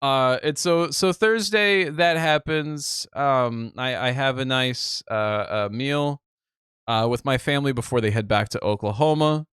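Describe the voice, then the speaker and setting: Swearing, animated male storyteller. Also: medium pitch, a little slow, clear, resonant tone, dry recording, studio quality. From Midwest United States. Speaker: podcast co-host. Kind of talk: casual storytelling chat.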